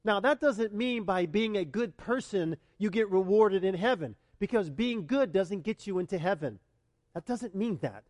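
High-voiced pastor preaching, dry sound. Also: male voice, lively intonation, normal speed, no echo, big-room sound. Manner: emphatic, swings from loud urging to hushed tenderness; asks the congregation questions. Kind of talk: sermon.

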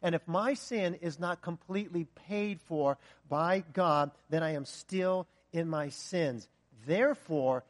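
A man preaching a sermon with passion, rising to loud peaks and sinking to a hushed, earnest tone. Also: a little high, takes it slowly, hardly any pauses.

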